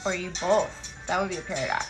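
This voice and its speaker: A woman's voice: lowish voice, fast, over music, rough recording. A woman author chatting casually with viewers on a phone livestream, rambling and giggly, often joking about herself.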